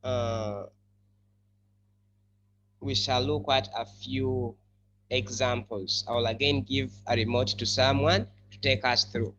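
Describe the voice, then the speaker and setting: A male English teacher giving a classroom lesson, explaining slowly and repeating key words for his students. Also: mid-range voice, steady tone, a bit bright. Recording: slightly muffled with faint hum.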